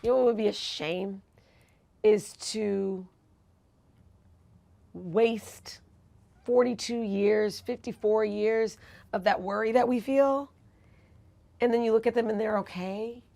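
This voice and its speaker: She speaks slowly in a gravelly mid-range voice, pausing often. A TV news host and author in her forties, she tells personal stories in an interview, earnest and reflective, livening up as she retells moments.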